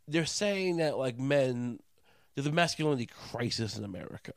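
A man's voice: medium pitch, animated, moderate pace, vocal fry, no echo. A man on a profane comedic rant, full of stammered restarts and mocking voices he puts on for others.

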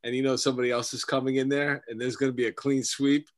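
Rambling host, dry close sound. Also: male voice, medium pitch, little pitch movement, quick pace, no room sound. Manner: rambling, searching for words. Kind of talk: casual chat.

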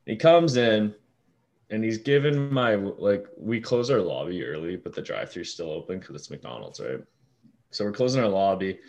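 A young man with a deep voice telling a story in casual talk, swearing freely and acting out what people said. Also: moderate pace. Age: young adult. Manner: animated storyteller, swears freely, acts out quoted lines. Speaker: fast-food shift manager.

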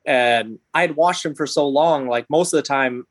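A man in his thirties, a podcast guest, telling a story in animated, halting bursts with many restarts. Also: medium pitch, no echo.

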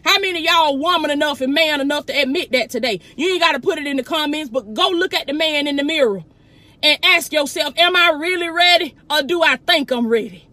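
A woman's voice: high-pitched, fairly quick, pushed and bright, no room sound. A woman with a Southern US accent, a motivational speaker preaching fervently to online viewers from inside a truck, calling them "baby" and praising God. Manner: fervent preaching, calls listeners "baby", exclaims "glory be to God". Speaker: motivational speaker and life coach.

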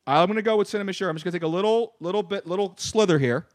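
A man's voice: high voice, rapid-fire. A man hosting a radio talk show, brash and profane in casual banter.

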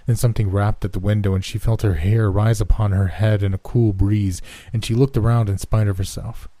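A man narrating a horror story in a slow, measured way. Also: fairly low pitch, flat delivery, warm tone, no echo.

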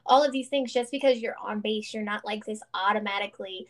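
A woman's voice: mid-range voice, fairly quick. A woman in her thirties, co-hosting a casual chat and telling stories earnestly, with lots of fillers. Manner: earnest, animated storytelling with many fillers.

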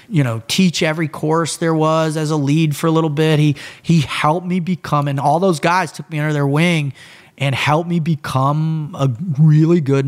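A middle-aged man recounts his past in a relaxed, conversational podcast chat. He swears casually and slips in and out of quoted dialogue, keeping the story animated. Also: fairly high pitch. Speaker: podcast guest.

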